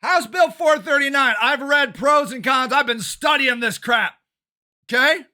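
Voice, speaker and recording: An older man, a local activist and council candidate, ranting angrily and swearing in a shouting monologue. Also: extremely high pitch. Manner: shouting, swearing, fast and agitated. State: angry and worked up.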